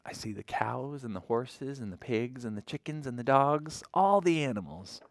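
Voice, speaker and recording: A man leading a toddler story time at a library, reading a picture book aloud and doing animal sounds in a sing-song manner that drops to hushed tones and leaps to bright exclamations. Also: medium pitch, animated, normal speed, few pauses. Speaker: children's librarian.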